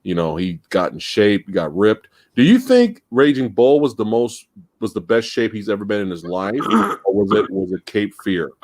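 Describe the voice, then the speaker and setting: A man hosting a casual movie podcast, talking in an animated way and laughing as he goes. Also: lowish voice, moderate pace. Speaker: podcast host.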